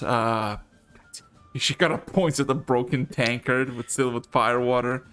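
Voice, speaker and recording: A man's voice: medium pitch, measured pace, a bit bright, clear, resonant tone, faint music behind. A man narrating as game master of a tabletop game, rambling with restarts and casual swearing.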